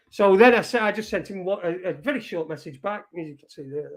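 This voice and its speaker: Sweary high-voiced man. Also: animated, fast, few pauses. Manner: sweary, mocking, reads out messages. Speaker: online show host. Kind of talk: casual live-stream rant.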